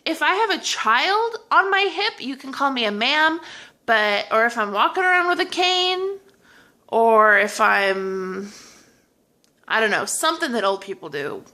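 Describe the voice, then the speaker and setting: A woman's voice: a little high, measured pace. A tired woman ranting exasperatedly in a casual vlog monologue. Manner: animated, exasperated. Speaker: vlogger.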